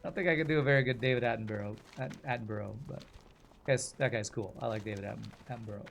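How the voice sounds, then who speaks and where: A man's voice: medium pitch, fast talker, vocal fry, slight background noise. A male streamer chatting casually while he plays, in a jokey, self-deprecating way. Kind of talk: casual chat while playing a game.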